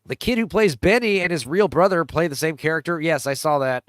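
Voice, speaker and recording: A podcast host riffs casually on a movie trailer in a voice on the high side, speaking fairly quickly. He rambles with plenty of fillers and laughter and throws in crude jokes, and his clean tone comes through in studio quality without room sound.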